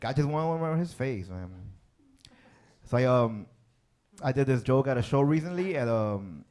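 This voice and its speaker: A man's voice: mid-range voice, expressive, moderate pace, a little mellow. A male stand-up comedian from Chicago, telling stories on a club stage and tagging his lines with "right?" and "man". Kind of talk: stand-up set.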